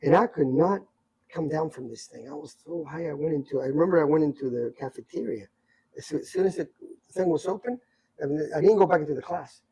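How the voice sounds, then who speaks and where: A man in his sixties telling rambling, animated stories from his youth in a casual podcast chat. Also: a little high, creaky, slightly rough, rough recording. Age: 60s. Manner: rambling, animated anecdotes with many asides. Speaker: podcast guest storyteller. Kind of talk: casual storytelling.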